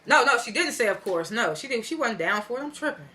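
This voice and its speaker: A woman's voice: fairly high pitch, very animated, quick pace, sharp tone. A woman giving a casual, slangy recap of a TV episode, retelling scenes as loose quotes and correcting herself as she rambles. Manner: rambling with frequent fillers and self-corrections. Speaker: TV episode reviewer.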